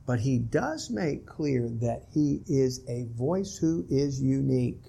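A man's voice: mid-range voice, animated, takes it slowly, creaky, dark tone, slightly rough. A man preaching a sermon, reading scripture aloud and rising sharply in emphasis when he quotes it. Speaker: pastor.

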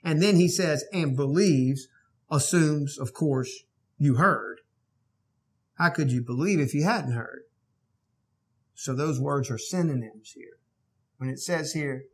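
A male pastor preaching a sermon, moving between quiet verse-by-verse teaching and loud, emphatic exhortation. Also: on the high side, measured pace, long pauses.

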